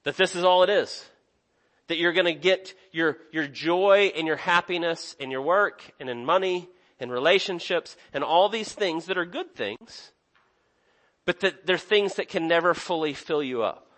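A man's voice: fairly high pitch, normal speed, a bit bright. A young man preaching a sermon in an earnest, conversational way, often restarting his sentences. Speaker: pastor.

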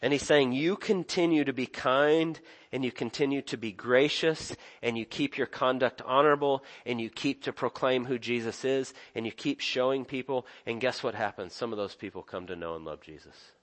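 A male pastor delivering a sermon at an ordinary middle pitch. He preaches earnestly, letting his emphasis swell on key points and checking in with the congregation through rhetorical questions. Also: normal speed.

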